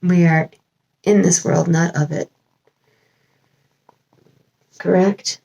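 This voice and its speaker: Gravelly low-voiced woman channeler. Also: steady tone, slow, warm tone, rough recording. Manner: rambling, meandering, with many fillers and restarts. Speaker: spiritual channeler. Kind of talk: casual spiritual vlog monologue. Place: at home.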